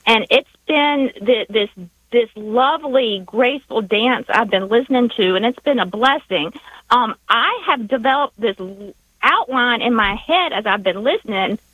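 A woman with a Southern US accent calling in to a radio show, speaking in a halting, heartfelt way with many restarts. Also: on the high side, animated, no echo. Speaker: radio caller. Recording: dull phone line.

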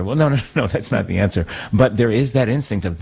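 A man, a priest, talking in a thoughtful, reflective way, pausing to search for words. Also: on the low side, vocal fry, a little mellow, breathy edge. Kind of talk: conversational talk.

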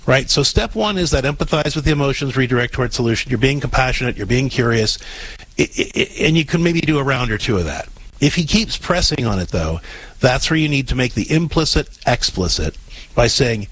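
Husky man giving advice on a call-in show. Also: medium pitch, expressive, fairly quick, a bit bright, rough recording. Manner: coaching, direct, repeats himself while explaining. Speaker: radio advice host.

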